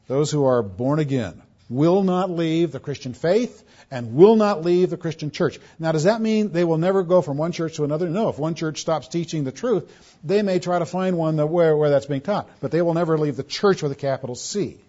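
Male pastor, sermon delivery, swells and drops, stumbles and repeats, higher-pitched, muffled recording. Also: normal speed. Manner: preaching with emphatic swells and soft drops; repeats words when restarting. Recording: dull lo-fi sound.

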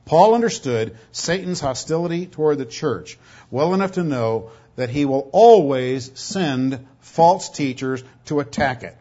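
Man, sermon, emphatic, repeats words, slightly high voice, dull lo-fi recording. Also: lively intonation, unhurried. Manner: emphatic, stretches key words, swings from loud to low. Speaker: preacher.

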